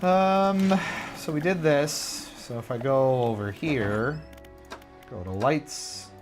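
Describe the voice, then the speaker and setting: A man's voice: mid-range voice, slow, faint music behind. A man streaming a video game, chatting casually to himself and joking about his own mistakes. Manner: animated, jokey, self-mocking, talks to himself. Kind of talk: casual live gameplay commentary.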